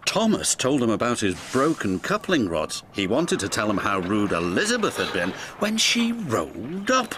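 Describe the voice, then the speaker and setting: A man narrating a children's storybook in an expressive, sing-song way. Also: medium pitch, normal speed, few pauses, a little hiss or hum. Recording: narration over music.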